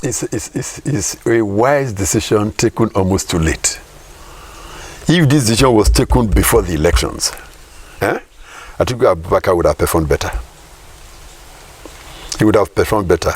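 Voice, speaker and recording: A man's voice: lowish voice, moderate pace, pauses often, darkish tone, a little hiss or hum. A Nigerian man, a professor, giving emphatic political commentary in an interview, repeating points and asking rhetorical questions.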